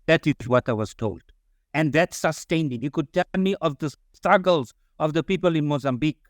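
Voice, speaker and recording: A man's voice: on the high side, a little fast, no room sound, clean studio sound. A man giving formal closing remarks at a symposium, earnest and solemn, calling everyone comrade over a video call. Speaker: symposium speaker.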